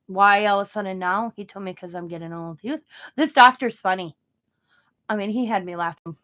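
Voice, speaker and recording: A woman's voice: medium pitch, a little fast, fairly bright tone. A middle-aged woman chatting casually about her day while she crafts, rambling and laughing as she goes. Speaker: craft vlogger.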